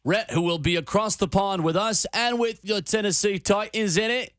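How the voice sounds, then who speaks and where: A man hosting a sports radio show in a studio, playful and quick to laugh in casual banter. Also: high voice, fairly bright tone, dry recording.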